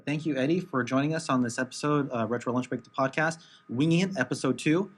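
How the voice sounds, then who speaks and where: A man's voice: medium pitch, quick pace. A man hosting a podcast in casual chat, hesitant and full of fillers. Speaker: podcast host. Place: studio in Los Angeles.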